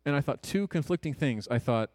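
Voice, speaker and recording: A man in his thirties telling a personal story to an audience in an earnest, conversational way, with quick jokes and hushed asides. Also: a little high, lively intonation, dry recording. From Ohio, USA.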